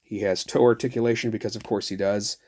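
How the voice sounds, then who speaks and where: A man's voice: lowish voice, steady tone, quick pace, a little mellow. Profane, rambling middle-aged man ranting. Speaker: toy reviewer. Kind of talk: casual ranting review.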